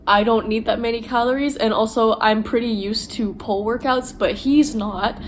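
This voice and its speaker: A young woman vlogging straight to camera, her voice sitting a little high. She talks candidly and with open emotion, dropping swear words freely as she goes. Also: fairly even intonation, normal speed. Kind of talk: casual vlog talk to camera. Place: sitting on the floor at home.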